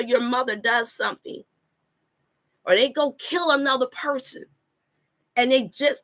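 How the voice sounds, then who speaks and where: Woman preaching on a live stream, kinda high bright voice, keeps repeating her points, talks to her viewers as y'all. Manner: repetitive, emphatic preaching with scripture references; addresses viewers as y'all and you all. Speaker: wellness coach and channel host.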